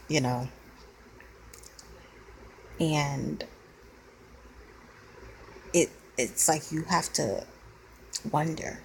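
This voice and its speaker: Weary woman venting, low gravelly voice. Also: animated, extremely slow, long pauses, a little hiss or hum, low-quality recording. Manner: blunt and plainspoken, weary. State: near tears. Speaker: vlogger. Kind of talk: venting monologue to camera.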